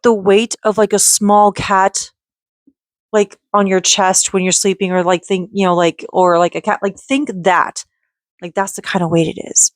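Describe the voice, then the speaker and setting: A worn-out woman talks straight to her camera, her thoughts spilling out in restarts and little laughs. Her voice sits at an ordinary middle pitch, and the sound is dry and close, with no room echo. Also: steady tone, normal speed. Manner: rambling, many restarts and laughs. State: exhausted. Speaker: vlogger. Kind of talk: emotional personal vlog talk.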